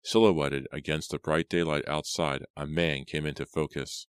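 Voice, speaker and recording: Guy narrating an audiobook, super deep voice, steady, dry close sound. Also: normal speed, clean tone, no echo.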